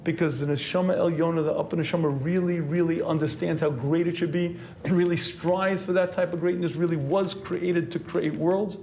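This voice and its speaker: A man, a rabbi, preaching a sermon in an earnest, lecturing way, often clearing his throat as he goes. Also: on the high side, fairly even intonation, moderate pace, darkish tone, a little hiss or hum.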